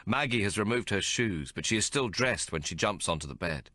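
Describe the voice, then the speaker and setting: A man narrating an audiobook in the first person, measured and descriptive. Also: on the low side, lively intonation, bright, forceful tone, no echo, clean studio sound.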